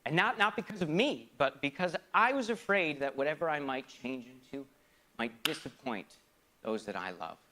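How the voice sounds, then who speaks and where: A man performing a theatrical comic monologue, swinging between loud outbursts and hushed asides in a mock-grand, philosophical manner. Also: a little high, animated, moderate pace. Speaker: stage performer.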